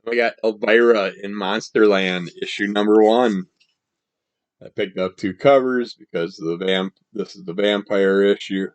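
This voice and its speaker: A man reviewing comic books in a casual, rambling monologue, his voice scratchy from the morning and his throat needing clearing. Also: lowish voice, measured pace, no room sound. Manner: rambling, relaxed, trails off mid-sentence.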